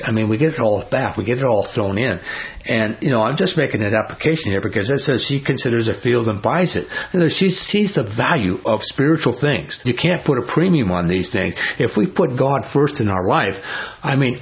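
A man's voice: fairly low pitch, creaky, highs cut off. A man preaching a sermon in a folksy, storytelling way, with frequent restarts and repeated asides.

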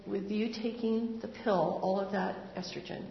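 An older woman tells her personal faith story in an earnest, conversational way, pausing often. Her voice has a gravelly edge. The recording is dull and lo-fi, with the long reverb of a large hall. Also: mid-range voice, steady tone, slight background noise. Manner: conversational, earnest, with pauses and fillers. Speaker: speaker sharing testimony. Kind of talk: personal testimony. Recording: roomy hall, dull lo-fi sound.

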